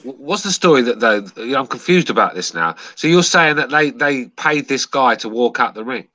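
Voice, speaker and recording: Skeptical guy on a podcast, bright edgy voice that jumps around a lot. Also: medium pitch, animated, moderate pace, dry recording. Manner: questioning, skeptical. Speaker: podcast co-host. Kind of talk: casual chat.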